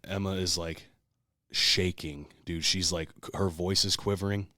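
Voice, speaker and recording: Man, podcast co-host, profane heated storytelling, deep voice, dry close sound. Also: steady tone, unhurried, bright, forceful tone, no room sound. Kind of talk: casual storytelling.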